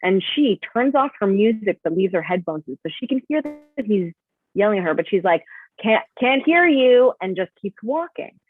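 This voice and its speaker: A woman guest telling a story in a lively way during a casual interview over a video call. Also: mid-range voice, husky, dry recording, faint music behind. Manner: lively storytelling, quick bursts. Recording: tinny dry call audio.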